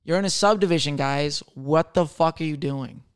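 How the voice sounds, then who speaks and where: A man's voice: on the high side, moderate pace, clean tone. Crude sarcastic man in his thirties. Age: 30s. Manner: sarcastic, crude, self-mocking storytelling. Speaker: server, solo podcaster. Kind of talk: casual solo chat answering question cards.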